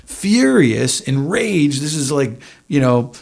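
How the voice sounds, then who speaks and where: A man's voice: on the high side, very animated, slow, creaky, darkish tone. A man giving a casual Bible teaching on a church podcast, talking conversationally with frequent fillers and emphatic rises.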